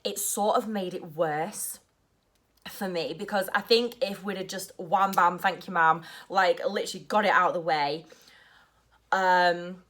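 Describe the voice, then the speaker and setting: A young woman telling a story in a casual vlog, rushed and nervous, saying "like" constantly. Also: lowish voice, steady tone, a bit bright. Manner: rushed and nervous, heavy use of "like". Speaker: vlogger.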